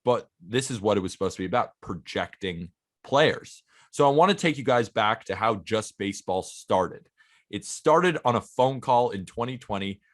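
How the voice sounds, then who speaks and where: A man's voice: on the low side, animated, normal speed. A man in his twenties co-hosting a casual podcast, earnest and eager, talking in long runs. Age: 20s. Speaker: podcast co-host.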